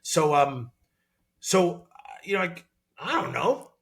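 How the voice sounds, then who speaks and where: Excitable man telling stories. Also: on the high side, slow. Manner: animated, excitable storytelling with many fillers. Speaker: podcast guest, former college football player. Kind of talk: casual podcast interview.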